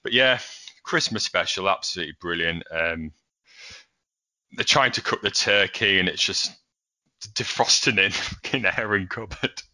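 Deep-voiced and bright, this young podcast co-host speaks at a moderate pace with a pushed quality. His chat is casual and lively, full of laughter while he recounts scenes.

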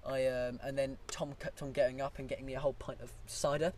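Dude rambling thru a boozy story, swears a lot, bit of hiss behind. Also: male voice, mid-range voice, flat delivery, quick pace, a little mellow. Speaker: podcast co-host. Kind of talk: casual drinking banter.

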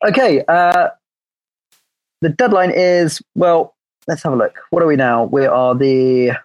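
A man's voice: fairly high pitch, measured pace, no room sound, muffled recording. A man chatting casually as a guest coach, upbeat and joking as he explains things. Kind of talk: casual chat.

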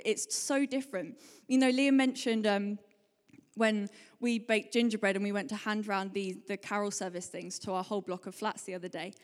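A woman giving a chatty, animated sermon and telling stories in quick bursts. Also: on the high side. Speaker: preacher. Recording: hall reverb.

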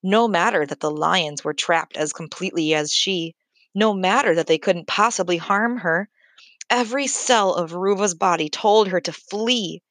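A woman narrating a children's book in a measured, clear storytelling manner. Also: on the low side, a bit bright, dry recording. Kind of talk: scripted audiobook narration.

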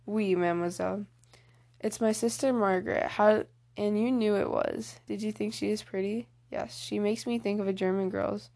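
A woman's voice: medium pitch, steady tone, normal speed, vocal fry, a little mellow, natural voice. A woman reading aloud as a polite, good-natured teenage boy in a storybook, barely changing her own voice.

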